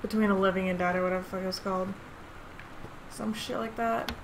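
A young woman giving profane, excitable commentary while playing a video game. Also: medium pitch, fast talker, background noise. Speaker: let's play gamer. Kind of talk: gameplay commentary.

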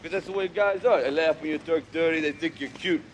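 An actor playing a streetwise young boxer who lectures in plain street slang. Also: male voice, on the high side, fairly quick, slight background noise, natural voice, low-quality recording. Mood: lecturing. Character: streetwise young male boxer, gentle big-brother type. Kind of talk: film drama acting.

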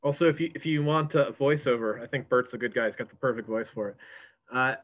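A man's voice: mid-range voice, steady tone, quick pace. Easygoing male host on a thin, phone-like call line, talks in loose asides. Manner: chatty, rambling with fillers. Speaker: moderator. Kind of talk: casual event hosting. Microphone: video call. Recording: tinny call audio.

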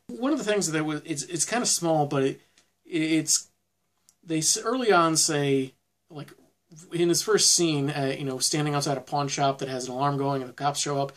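A man giving a casual spoken film review, rambling with frequent restarts and fillers. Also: a little high.

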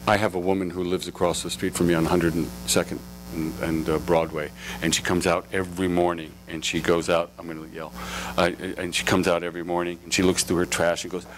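A man's voice: low-pitched, flat delivery, brisk, slight background noise, low-quality recording. Playful, profane male acting coach. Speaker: acting teacher. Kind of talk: live acting workshop coaching. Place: workshop room before a live audience.

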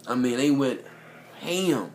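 A man's voice: medium pitch, expressive, slow pace, darkish tone, slight background noise. A man telling a story to camera in a casual, profane, rambling way, often checking in with "you know what I mean".

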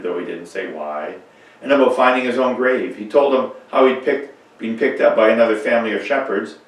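A man's voice: mid-range voice, far from the mic. Man reading a story in an echoey church. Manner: expressive storytelling. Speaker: reader. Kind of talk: reading a children's story aloud.

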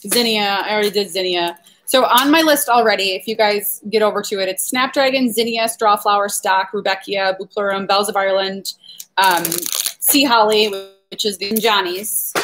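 A woman's voice: mid-range voice, a bit bright, slight background noise. A woman flower farmer chatting on a casual live stream, reading viewer comments aloud and laughing often as she rambles.

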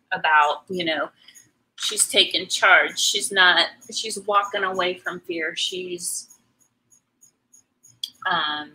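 A middle-aged woman chats at a slow, easy pace while she paints, with a bright, forward tone. She rambles, stops to answer comments and is full of ums and restarts. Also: mid-range voice, poor audio. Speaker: artist hosting a live painting stream. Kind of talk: casual chat while painting.

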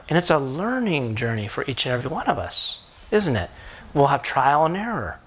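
A man's voice: on the high side, big pitch swings, moderate pace. A middle-aged male pastor preaching a sermon, telling a story with animation and asking the congregation questions.

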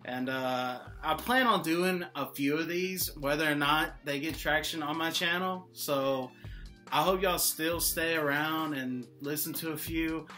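Young man vlogger, loose rambling talk, bright forward tone, faint music behind. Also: fairly high pitch, a little slow. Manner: rambling, joking, heavy use of "like". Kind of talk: casual monologue.

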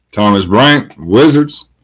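Slow, low-voiced man calling card pulls. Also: a bit bright, husky, rough recording. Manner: hyped, calls out each card pulled. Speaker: card break host. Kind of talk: live card-breaking commentary.

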